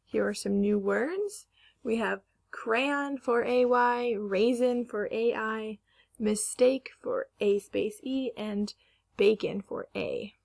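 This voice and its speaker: Slow, gravelly woman teaching phonics. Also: on the high side, a little mellow. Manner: slow, careful, stretching sounds to model pronunciation. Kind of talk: recorded phonics lesson for young children.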